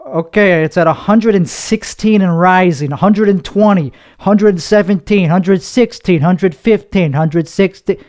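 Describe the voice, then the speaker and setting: A man's voice: high voice, measured pace, few pauses, a little mellow. A young man hosting a solo podcast monologue, talking in an anxious, rambling way with heavy cursing. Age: young adult. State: nervous. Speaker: podcast host.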